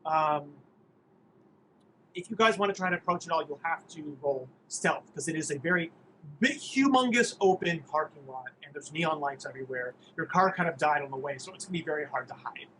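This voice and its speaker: A man running a tabletop game as game master, talking in halting bursts with many restarts. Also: on the high side, bright, forceful tone, slight background noise, low-quality recording.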